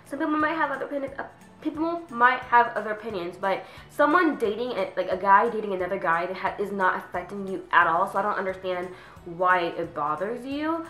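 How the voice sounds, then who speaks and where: A teenage girl venting about her pet peeves in a casual vlog, chatty, with lots of "like", sometimes mimicking people in a higher voice. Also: expressive, brisk, fairly bright tone, roomy sound, soft background music, rough recording. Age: teens. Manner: chatty, says "like" constantly, acts out quoted people in a higher voice. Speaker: vlogger.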